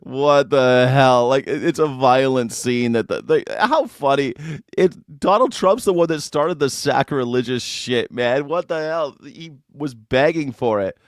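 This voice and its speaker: A man talking through a live reaction stream in a loose, rambling way, cracking jokes and cursing as he goes. His voice sits at an ordinary middle pitch, and the sound is close and dry with no room around it. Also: expressive, unhurried, no room sound. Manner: rambling, joking, swearing, breaks into put-on voices. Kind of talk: casual reaction commentary.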